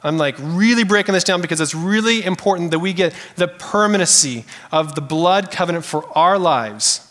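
High-voiced man preaching in a reverberant hall. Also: moderate pace. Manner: animated, conversational preaching with audience call-outs. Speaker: pastor. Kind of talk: sermon. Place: church sanctuary.

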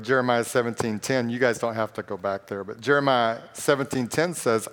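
A pastor preaching a sermon in a conversational, joking way and reading scripture aloud. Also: male voice, mid-range voice, moderate pace, hardly any pauses, fairly bright tone. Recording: long reverb of a large hall.

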